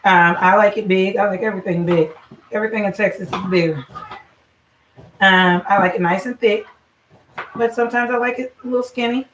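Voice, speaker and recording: A woman's voice: medium pitch, fairly even intonation, fairly quick, long pauses, fairly bright tone. A woman talks her viewers through a recipe in a loose, salty, chatty way, like a home cook running a livestream. She sounds set back from the mic in a roomy, echoing kitchen. A faint hiss sits under her voice. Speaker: home cooking show host and mother. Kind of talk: casual livestream cooking chat. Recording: echoey room, voice from a distance, faint noise.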